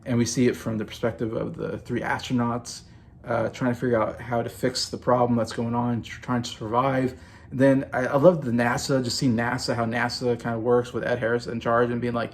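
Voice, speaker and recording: A man's voice: medium pitch, flat delivery, fairly quick. A man in his forties gushing enthusiastically in a casual movie review vlog.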